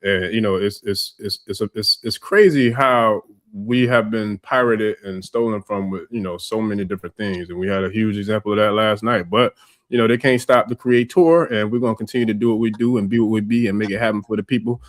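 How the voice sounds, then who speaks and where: A man's voice: fairly low pitch, steady tone, brisk, no echo. Male host for a livestream talk show, laid-back street slang, stumbling repeats, dry close sound. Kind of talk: casual livestream chat.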